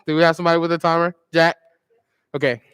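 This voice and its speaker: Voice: mid-range voice, level tone, fast talker, fairly bright tone, smooth, dry recording. A young co-host, bantering playfully while running a casual game.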